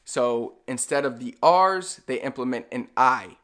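A man with a Puerto Rican accent, explaining language points in a relaxed, casual lesson and slowly repeating example words. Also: mid-range voice. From Puerto Rico. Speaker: Spanish language teacher.

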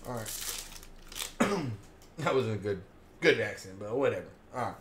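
A man hyped up while opening card packs, counting out loud and calling out each card he pulls. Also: mid-range voice, big pitch swings, slow, long pauses. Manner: hyped, counts cards aloud, names each pull. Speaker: card pack opener. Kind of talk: casual card-opening commentary. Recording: roomy echo, faint background hum.

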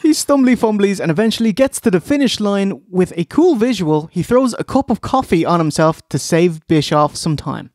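A man's voice: sits high, animated, darkish tone, dry recording. Man co-host, casual recap, jokey, laughs a lot, dry close mic. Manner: jokey, laughs often, quick asides. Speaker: podcast co-host.

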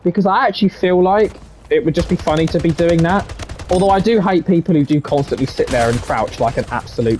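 A man's voice: fairly high pitch, quick pace, background noise. A young man doing gameplay commentary, boasting, swearing and trash-talking nonstop. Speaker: gaming YouTuber.

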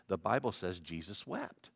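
A male pastor preaching a sermon, animated, often putting questions to the congregation. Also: low voice, measured pace, creaky, husky.

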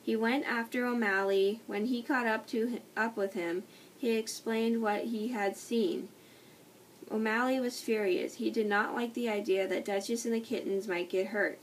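A woman reading a children's book aloud, slowly and carefully, often stumbling and restarting words. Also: a little high, fairly even intonation. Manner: slow, careful reading with frequent slips and restarts. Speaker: storybook reader. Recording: distant mic with faint noise.

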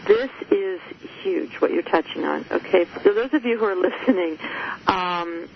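A woman's voice: fairly low pitch, normal speed, gravelly, lo-fi sound, a little hiss or hum. A woman psychologist hosting a radio interview, talking earnestly and emphatically with many fillers and restarts. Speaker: radio show host, psychologist.

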